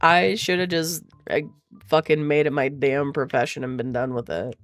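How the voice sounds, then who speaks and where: A woman's voice: low voice, steady tone, moderate pace, dry recording, soft background music. A woman talking in a casual chat, venting in a profane, exasperated way. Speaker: streamer.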